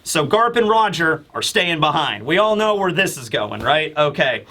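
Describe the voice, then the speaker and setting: A man hosting a casual manga chapter review, talking in an excitable, rambling way with casual swearing. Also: on the high side, moderate pace.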